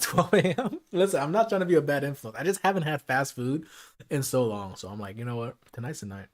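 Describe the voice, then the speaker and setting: A man in the middle of a late-night streaming session at home, talking to his chat between bites in easy slang. His voice sits at an ordinary middle pitch, neither high nor low. The sound is close and clean, picked up by a streaming mic with a noise gate. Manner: relaxed slangy chat, talking while eating. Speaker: livestreamer. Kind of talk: casual just-chatting livestream. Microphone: streaming mic with noise gate and filters.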